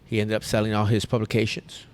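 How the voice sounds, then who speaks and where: Lower-voiced man telling a rambling story. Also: fast talker. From United States. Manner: rambling, animated, with restarts and quoted voices. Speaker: podcast host. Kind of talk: casual storytelling chat.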